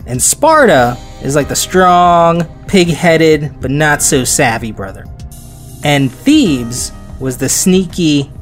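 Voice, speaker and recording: A podcast host with a slightly high voice and lively intonation tells history slowly in a casual, joking chat, with faint music behind him. He laughs often and slips into silly voices.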